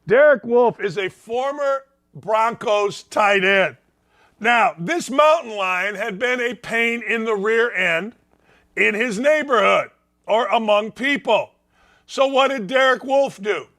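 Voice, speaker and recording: A man's voice: extremely high pitch, lively intonation, measured pace, a bit bright. An older man hosting a sports talk show from his basement, ranting sarcastically about coaches and athletes. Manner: emphatic, ranting, fired-up. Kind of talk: opinionated sports commentary. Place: home basement studio.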